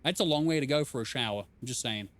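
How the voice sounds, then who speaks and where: A man's voice: medium pitch, fast talker. A man casually commenting while streaming a game, playful and rambling, reading chat aloud.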